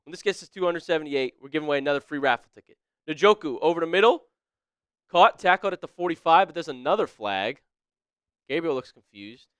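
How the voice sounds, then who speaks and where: Man, live sports stream co-host, excitable, lively pitch, smooth clear voice, dry close mic. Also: a little fast, no echo. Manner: excitable, laughs often, reads chat names aloud. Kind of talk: casual live-stream play-by-play chat.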